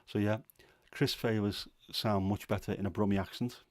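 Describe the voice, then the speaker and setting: A man's voice: fairly low pitch, fairly even intonation, moderate pace, a little mellow, no room sound, clean studio sound. A man hosting a casual livestream, chatty and opinionated, rambling with fillers. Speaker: livestream host.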